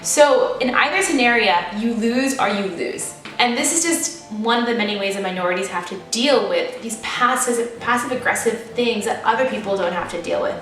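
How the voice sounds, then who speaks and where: Her voice is fairly high and fairly bright, moving at a moderate pace with hardly any pauses, and it's recorded from a distance in an echoey room over faint music. She is a vlogger in her twenties from the United States, with an American accent, telling a personal story to camera in a candid, chatty, self-deprecating style.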